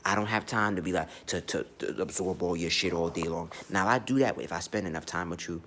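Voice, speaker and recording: A man's voice: sits low, a little fast, fairly bright tone, a little hiss or hum. A man giving a blunt, profane, unscripted astrology monologue, speaking emphatically and often restarting his sentences. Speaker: astrology vlogger.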